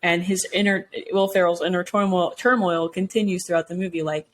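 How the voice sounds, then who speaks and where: A woman co-hosting a casual movie review podcast, animated and laughing, acting out quotes from the film. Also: a little fast, slight background noise. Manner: animated, laughing, acts out quotes in high voices. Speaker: podcast co-host.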